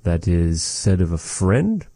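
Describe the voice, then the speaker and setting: Very deep, dark-voiced man teaching words. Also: big pitch swings, dry recording. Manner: repeats words slowly, chatty and joking asides. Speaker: language teacher. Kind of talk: casual vocabulary lesson.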